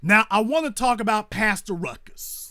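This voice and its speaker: A man's voice: high voice, lively intonation, moderate pace, pushed and bright, no room sound, clean studio sound. A man hosting a commentary monologue, repeating his points with rhetorical emphasis like a preacher and sounding indignant and scornful. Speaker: host.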